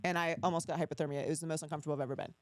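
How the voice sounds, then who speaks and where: A woman hosts a podcast in a chatty, curious way, trading stories with her guest. Her voice is somewhat low for a woman. It sounds dry and close. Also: steady tone, very fast, dry recording. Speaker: host. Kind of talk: casual chat.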